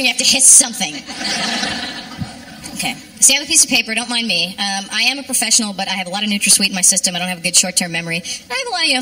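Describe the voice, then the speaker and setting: A woman's voice: medium pitch, sharp tone, recorded from a distance. A young woman doing a stand-up comedy set on a club stage, with wry, sardonic, rambling asides. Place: comedy club stage before a live audience.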